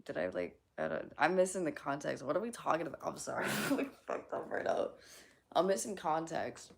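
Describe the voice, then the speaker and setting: Woman streamer reading chat, gravelly voice, giggly, loose and swearing, lively pitch. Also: fairly quick. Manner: giggly, reads chat aloud, swears casually. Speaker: live streamer. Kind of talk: casual live-stream chat.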